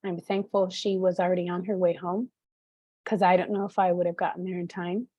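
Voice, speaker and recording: A woman advocate giving an earnest personal testimony, telling her story haltingly with many pauses and fillers. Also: on the low side, flat delivery, dry recording, muffled recording. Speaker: suicide prevention advocate and speaker.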